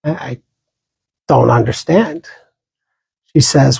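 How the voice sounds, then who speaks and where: A man giving a dharma talk as a meditation teacher, speaking gently with pauses and small restarts. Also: on the high side, expressive, vocal fry, husky, no room sound, rough recording.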